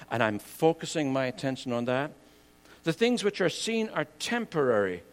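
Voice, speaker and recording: Older guy giving a sermon, earnest, chatty asides, voice a bit on the high side. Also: fairly bright tone. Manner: earnest, rising and falling emphasis, conversational asides. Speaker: preacher.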